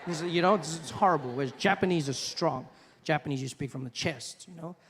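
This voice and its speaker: On stage in a large hall, a comedian with a slightly high, brisk, somewhat rough voice tells stories and slips into different voices and accents with lots of animation. Crowd noise from the live recording fills the background.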